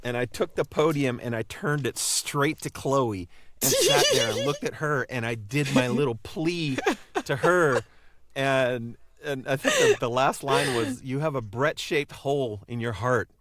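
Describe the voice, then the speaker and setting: A man's voice: medium pitch, huge pitch swings, measured pace, fairly bright tone. A man co-hosting a podcast, telling a long story in a casual, rambling chat with many restarts. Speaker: podcast co-host.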